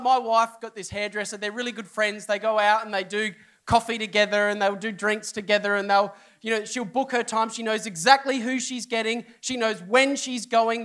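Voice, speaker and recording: A middle-aged man, a pastor, telling a funny story to a congregation, acting out the people in it. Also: extremely high pitch. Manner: animated storyteller, acts out people, voice jumps up for inner outbursts. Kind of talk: humorous sermon storytelling. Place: church hall before a congregation.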